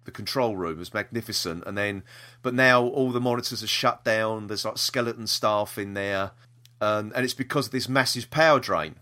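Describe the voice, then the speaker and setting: Bright-voiced man chatting. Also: fairly low pitch, moderate pace. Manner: chatty, lots of fillers and laughs. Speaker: podcast co-host. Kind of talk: casual chat.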